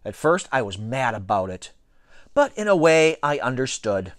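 A man's voice: mid-range voice, normal speed, no echo, studio quality. Man reading a children's book expressively. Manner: expressive, varied storytelling delivery. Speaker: reader. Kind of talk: reading a children's novel aloud.

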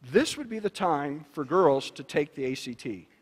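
Man, animated speaker, somewhat high voice, long reverb of a banquet hall. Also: normal speed, breathy edge. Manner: animated storytelling with shifts in pitch and loudness. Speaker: speaker at a luncheon. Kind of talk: educational talk to parents.

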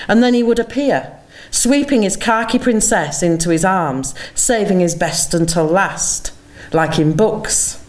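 A woman, an author giving a measured, reflective reading of her own memoir at a conference, with lingering pauses. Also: mid-range voice. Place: conference venue.

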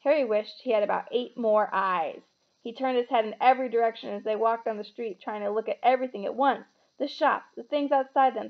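A woman reading a children's book aloud with expressive, animated storytelling. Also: fairly high pitch, creaky, dull audio.

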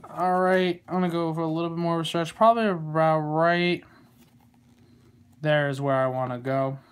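A man giving a casual how-to tutorial on a glove, relaxed and rambling, with plenty of fillers and small jokes. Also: on the high side, moderate pace, smooth. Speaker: glove maker demonstrating lacing. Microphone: phone camera.

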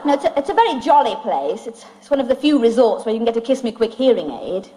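On an old vinyl record with music and a crowd, a woman comedian from England sings comic songs and delivers dry stand-up at her own expense. Her delivery is fast and sing-song, her voice on the high side with a dark tone, and there's slight background noise.

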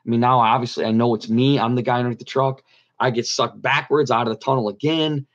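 A man's voice: medium pitch, fairly even intonation, quick pace, fairly bright tone. Earnest man in a muffled interview. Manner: earnest, repeats phrases for emphasis. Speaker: guest telling his near-death story. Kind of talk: personal testimony in an interview.

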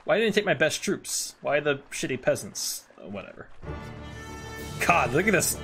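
Bright-voiced, foul-mouthed young game streamer. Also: male voice, a little high, sing-song, moderate pace. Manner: irreverent, swears freely. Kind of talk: casual gaming commentary. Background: faint game music.

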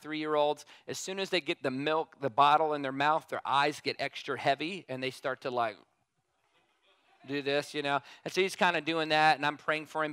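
A man in his thirties preaches a sermon through personal stories, chatty and keen to draw in the congregation with questions. His voice sits a little high and sounds bright and forceful. The sound is close and dry, with no room echo. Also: clean tone. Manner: conversational, keeps asking the congregation questions.

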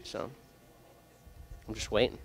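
A young man working as a brewery sales rep, telling loose, joking stories to a group with lots of fillers. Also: measured pace. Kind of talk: casual storytelling to a group.

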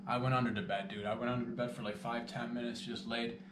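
A man's voice: medium pitch, flat delivery, fast talker, recorded from a distance. A man hosting his own show, talking in a rambling, playful, self-mocking way and swearing freely. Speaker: host. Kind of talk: casual comedic monologue. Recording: echoey room, voice from off the mic, noisy background.

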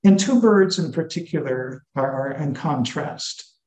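Slow, earnest man in an echoey hall. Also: on the high side, expressive, darkish tone. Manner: earnest, teacherly, slows down to stress key words. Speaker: lecturer on marriage and scripture. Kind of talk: church talk to married couples.

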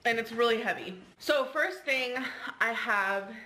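A woman vlogging casually to camera, chatty and excitable with frequent giggles. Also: fairly high pitch, a little slow, slight background noise, low-quality recording.

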